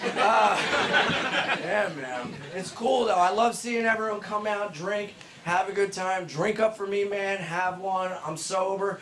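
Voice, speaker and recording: A young man doing a stand-up warm-up set on a club stage, brash and teasing the crowd, with loud punchlines. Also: high-pitched, unhurried. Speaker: stand-up comedian warming up the crowd. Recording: noisy live club recording. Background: audience laughter.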